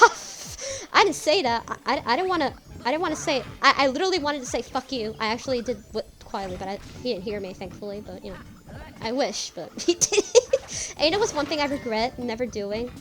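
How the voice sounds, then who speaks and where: A young woman chatting casually while streaming a game, rambling, repeating herself and swearing often. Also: high-pitched. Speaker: gaming streamer. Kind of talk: casual let's-play chat.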